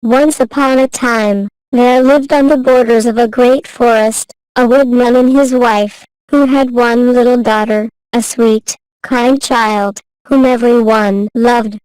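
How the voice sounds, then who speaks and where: Slow, clear woman reading a fairy tale. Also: fairly high pitch, dry recording, poor audio. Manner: slow, careful and even reading. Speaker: storyteller. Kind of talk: scripted fairy tale narration.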